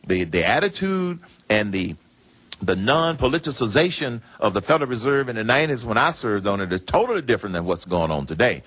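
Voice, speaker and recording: A man speaking as a guest in a replayed radio clip. He has a husky voice with a lively, rising and falling pitch, and he explains things in a measured, reassuring way. The sound is dry. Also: dry recording.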